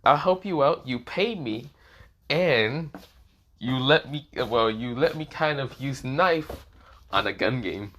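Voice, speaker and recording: A man's voice: medium pitch, expressive, measured pace, a bit bright. A man voicing Issei, a brash, foul-mouthed young male student who sounds annoyed and blunt. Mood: bargaining. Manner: swears constantly, blunt and annoyed.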